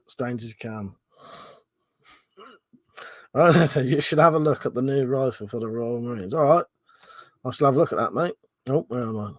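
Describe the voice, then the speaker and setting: A man with a cold, sniffling and coughing, hosting a casual live stream where he reads out viewer comments, swearing and laughing often. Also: mid-range voice.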